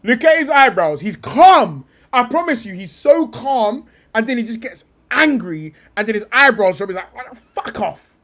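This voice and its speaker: Excitable young man laughing as he streams. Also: very high voice, moderate pace, few pauses. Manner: excitable, laughing, swearing, talks in bursts. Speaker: streamer reacting to clips. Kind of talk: casual live-stream chat.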